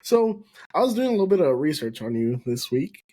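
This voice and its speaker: A man's voice: fairly high pitch, very animated, fairly quick, mellow, breathy edge. A man hosting a casual podcast interview, agreeing often and laughing along with his guest. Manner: affirming, frequent "mm-hmm" and laughs. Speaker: podcast host.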